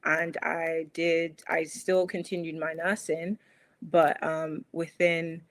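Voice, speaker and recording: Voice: medium pitch, flat delivery, takes it slowly, poor audio. A young adult from London with a British accent blended with some American, chatting casually as a podcast guest with lots of fillers. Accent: British, mixed with some American. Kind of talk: casual interview chat.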